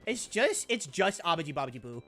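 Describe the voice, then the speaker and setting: A woman streaming a video game, chatting casually with her viewers, laughing often and squealing when things get exciting. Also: low voice, fairly quick. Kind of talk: casual live-stream commentary.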